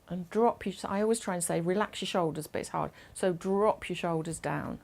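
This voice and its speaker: A woman instructor leading a gentle chair exercise class over a video call, encouraging and instructive. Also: on the low side, vocal fry.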